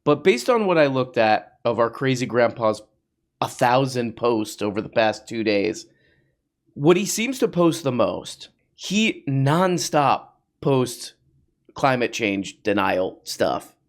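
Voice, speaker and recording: A man's voice: medium pitch, very animated, slow pace. A man hosting a comedy podcast, riffing mockingly on social media posts with sarcastic asides. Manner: mocking, with sarcastic put-on voices. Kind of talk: riffing commentary.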